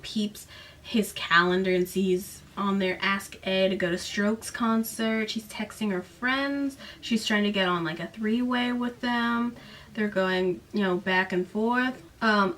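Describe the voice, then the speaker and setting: A woman casually recapping a novel in a chatty, sarcastic way, acting out the characters' lines with jumps in pitch. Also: a bit bright, far from the mic, slight background noise. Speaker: book recap vlogger.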